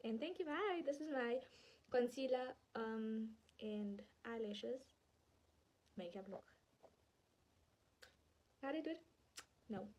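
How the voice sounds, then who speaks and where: A woman talking softly and half-whispering in a casual makeup chat. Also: on the high side, animated, takes it slowly, long pauses, slight background noise. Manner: soft, half-whispered, hushed.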